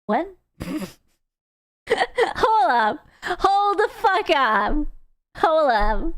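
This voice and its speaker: High pitched young streamer girl, slow easy chatter, jokey and swears a lot. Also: lively intonation, fairly bright tone. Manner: playful, giggly, swearing, dramatic reactions. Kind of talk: casual chat with viewers.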